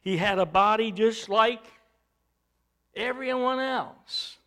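A man's voice: high voice, slow, bright, forceful tone. A man preaching a sermon, teaching from scripture in an emphatic way, with bursts of volume.

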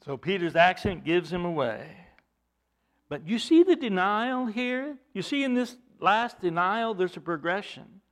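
A man preaching a sermon, expressive, swelling loud at times and dropping soft at others. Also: sits high, measured pace. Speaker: pastor.

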